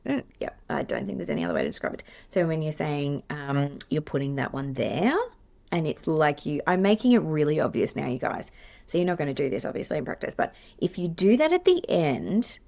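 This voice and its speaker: A middle-aged Australian woman talks through a teaching point on her podcast. Her voice sits low with a gravelly fry, and she rambles warmly through fillers and restarts, laughing at herself. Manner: chatty, self-deprecating, many fillers and restarts. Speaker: play therapist and podcast host. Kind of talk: casual teaching monologue.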